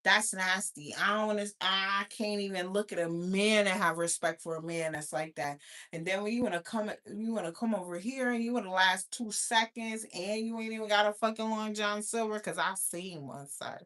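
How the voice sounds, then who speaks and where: A woman in her thirties telling a profane, animated storytime rant as a vlogger. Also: mid-range voice, normal speed. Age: 30s.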